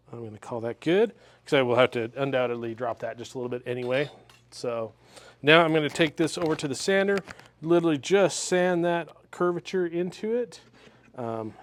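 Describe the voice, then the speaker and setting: A man talking through a guitar repair step by step in his workshop, relaxed and methodical as he works with his hands. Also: medium pitch. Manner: relaxed, methodical, talks while working with hands. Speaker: luthier demonstrating a repair.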